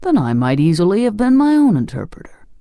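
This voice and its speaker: A man's voice: sits high, huge pitch swings, a little fast, gravelly, mellow, no echo, clean studio sound, voice pushed up, exaggerated voice. A man voicing a fussy, lofty straw-stuffed king in an audiobook. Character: pompous but kindly straw-stuffed king. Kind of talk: audiobook character voice.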